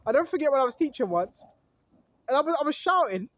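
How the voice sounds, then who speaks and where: A man's voice: very high-pitched, sing-song, fast talker, fairly bright tone, dry recording. A man preaching outdoors, reading scripture aloud and then riffing on it, calling out to listeners and chuckling often. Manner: exhorting, reads scripture aloud then riffs on it. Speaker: street preacher.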